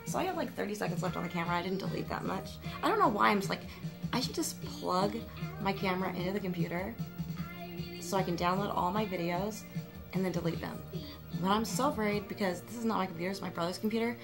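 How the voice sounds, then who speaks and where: A young woman rambles to her camera at home, half joking at her own expense. Her voice keeps a gravelly fry at the ends of phrases. Music plays in the room behind her. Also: medium pitch, fast talker. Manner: rambling, self-mocking, full of fillers and restarts. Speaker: vlogger. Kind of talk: rambling confessional vlog.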